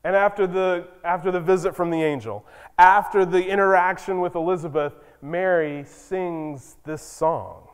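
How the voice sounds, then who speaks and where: A man's voice: sits high, steady tone, moderate pace, smooth. A male pastor preaching a sermon in a conversational, storytelling way with emphatic moments. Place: church sanctuary. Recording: long reverb in a church.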